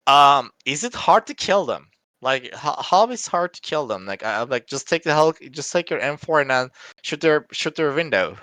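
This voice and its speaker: Bright, clear-voiced man thinking aloud. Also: a little high, no echo. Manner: halting, restarts often, thinks aloud. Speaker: game developer. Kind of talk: casual podcast chat.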